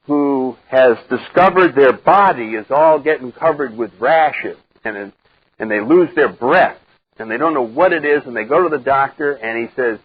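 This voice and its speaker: An older man speaking to a live recovery group, blunt and wry, acting out the voices he quotes in a lively way. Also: medium pitch, breathy edge, no room sound. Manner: animated storyteller who acts out quoted voices, wry and blunt. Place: meeting room with a live group. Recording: dull lo-fi 1990s cassette recording.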